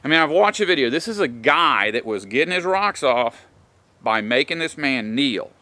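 A man's voice: medium pitch, big pitch swings, moderate pace, bright, forceful tone, no room sound. A man giving an opinionated vlog monologue, rambling and indignant, with lots of "you know.". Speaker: vlogger.

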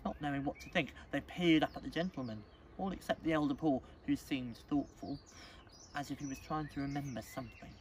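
A male teacher reading a storybook aloud at a school assembly, expressive and dramatic. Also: medium pitch, fairly quick. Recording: distant mic, faint background noise.

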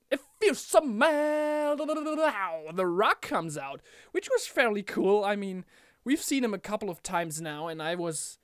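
A young man ranting casually about a wrestling event in a home vlog, animated and chatty, often slipping into impressions of the people he talks about. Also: high-pitched, smooth, no echo, clean studio sound. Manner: animated, mimics wrestlers in quotes. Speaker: wrestling fan vlogger.

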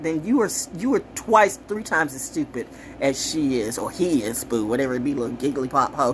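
A woman riffing to camera with a low-set voice that swings widely in pitch. She talks in an animated, rambling, sassy way, full of profanity and sharp asides, with faint room ambience behind her. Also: fairly quick, a little hiss or hum. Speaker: commentator. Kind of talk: casual monologue to camera.

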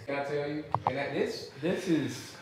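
A man's voice: on the high side, moderate pace, slight background noise. A man bantering on a podcast in a teasing, playful way, laughing as he tells stories. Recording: echoey room recording.

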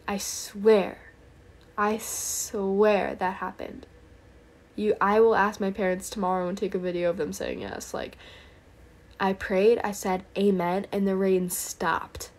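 A young woman, sounding tired, hurries breathlessly through earnest faith stories on a late-night livestream, whispering prayers in what amounts to a casual testimony. Her voice is medium in pitch, and a little hiss or hum is present.

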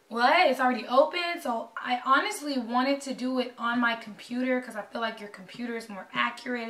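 A young woman, talking anxiously and excitedly to her camera in a casual vlog. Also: a little high. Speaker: vlogger. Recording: echoey room, voice a bit far from mic.

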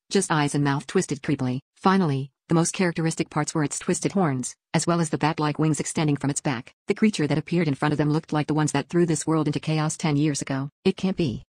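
A woman narrating a fantasy web novel audiobook in a steady, even reading. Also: low-pitched, dry recording, clean studio sound. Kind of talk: scripted narration.

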